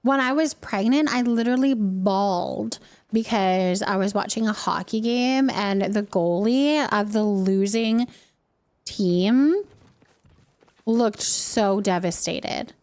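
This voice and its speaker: This woman, a livestreamer and mother, speaks at a medium pitch with a darkish tone and takes things slowly. She chats casually with her viewers while playing a game, laughing often and addressing them as "you guys."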